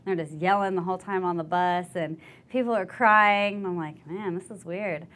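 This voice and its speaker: A young woman veteran telling her story in an oral history interview, candid and animated, acting out the voices of others. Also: fairly low pitch, fairly quick. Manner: candid storytelling, acts out quoted voices, laughs easily.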